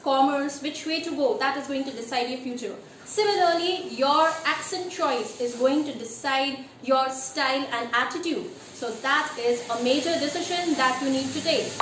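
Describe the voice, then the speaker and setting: Woman, high-pitched, pronunciation teacher, emphatic instructional delivery, roomy echo. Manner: deliberate, emphatic, rhetorical "Yes?" checks. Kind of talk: instructional lesson. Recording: echoey room with faint ambient noise.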